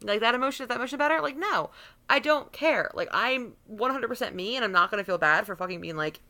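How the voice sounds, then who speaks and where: In a heated, unfiltered monologue to camera, a vlogger in her thirties rants bluntly and swears freely, breaking into bursts of laughter. Her voice is a little high, pushed and bright. She is expressive and speaks fast.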